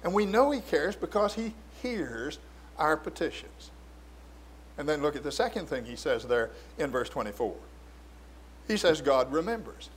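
A man's voice: fairly high pitch, slight background noise. A man preaching a sermon, putting many questions to his listeners and slipping in playful asides. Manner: asks many questions of the congregation, mock-humorous asides. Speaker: pastor.

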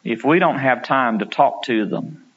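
A man preaching a sermon, telling stories and acting out quotes, climbing to loud pleading peaks. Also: medium pitch, a little slow, lo-fi sound, a little hiss or hum.

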